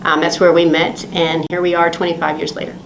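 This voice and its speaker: Low-voiced reflective woman, roomy sound. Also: level tone, gravelly, background noise. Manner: measured, reflective, many fillers. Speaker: Air Force officer, former ROTC cadet. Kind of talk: recorded oral history interview. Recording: roomy recording.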